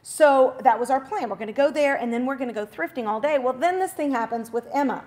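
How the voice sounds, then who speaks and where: A high-pitched woman in her forties hosts a faith talk show and tells a personal story. She talks in a chatty, relaxed devotional style, throwing in quick asides and self-corrections.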